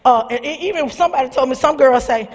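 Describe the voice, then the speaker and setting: A middle-aged woman, husky-voiced, telling a personal testimony to young people in a church, animated and calling out to her listeners. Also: high voice, fast. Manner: animated storytelling, calls out to the audience. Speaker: speaker at a church youth service. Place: church sanctuary. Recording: long hall reverb.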